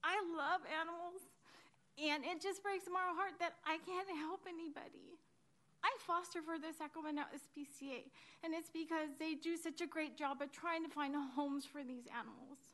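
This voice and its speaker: A woman's voice: extremely high pitch, steady tone, normal speed, fairly bright tone. A woman near tears, pleading and rambling in a public comment at a council meeting. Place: council chamber.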